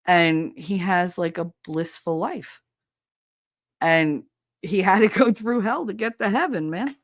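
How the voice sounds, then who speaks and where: A woman in her thirties co-hosting a podcast, telling a gossipy story in casual, profane chat, laughing often and jumping up high to quote people. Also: slow, dry recording, studio quality. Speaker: podcast co-host.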